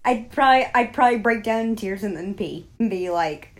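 A woman guest on a podcast, chatting in a bubbly, expressive way. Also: mid-range voice, brisk. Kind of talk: casual chat.

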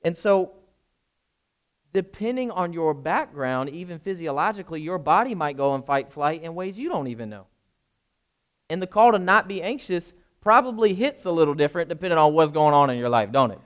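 A man's voice: on the high side, lively intonation, brisk. A young adult man, a pastor, giving an informal sermon and often checking that his listeners are following. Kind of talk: conversational sermon.

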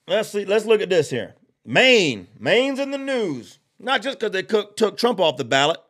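A man's voice: high voice, very animated, a bit bright. Heated, blunt male political commentator. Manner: heated, blunt, drawling with "y'all" asides; slow emphatic repetition of key phrases. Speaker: political podcast host.

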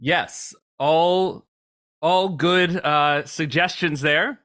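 A man's voice: a little high, steady tone, extremely slow, sharp tone. A man hosting a comedy podcast, reading reviews aloud and laughing along. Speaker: podcast host. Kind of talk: casual comedy podcast chat.

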